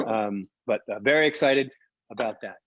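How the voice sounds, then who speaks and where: A man's voice: lowish voice, normal speed, fairly bright tone, no echo, lo-fi sound. A man co-founding a winery, presenting a live online wine tasting in an enthusiastic, chatty way and explaining as he tastes. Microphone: video call.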